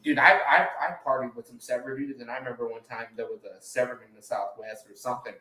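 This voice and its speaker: A man hosting a podcast, chatting casually and telling rambling, profane stories, with lively quotes of other people. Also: medium pitch, fast, echoey room, low-quality recording. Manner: animated when quoting others. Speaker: podcast host. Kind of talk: casual chat.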